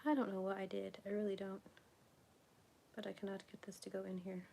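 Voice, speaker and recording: A woman chats on a live crafting stream, rambling from one thought to the next. Her voice has a gravelly fry, sits at an average pitch for a woman, and often drops into a whisper. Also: monotone, fairly quick, warm tone, a little hiss or hum. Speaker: crafting vlogger. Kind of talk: casual live-stream chat while crafting.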